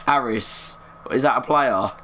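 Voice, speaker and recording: A young man giving live commentary while playing a football video game, keeping his voice down, chatty and muttering with bursts of excitement. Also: medium pitch, measured pace, slight background noise. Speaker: gaming streamer.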